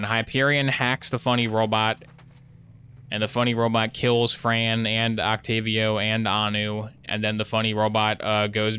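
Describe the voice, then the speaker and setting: A man's voice: lowish voice, level tone, normal speed, bright, forceful tone, clean tone. A young man giving casual, sarcastic live commentary while playing a shooter, rambling into jokey asides. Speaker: gaming streamer.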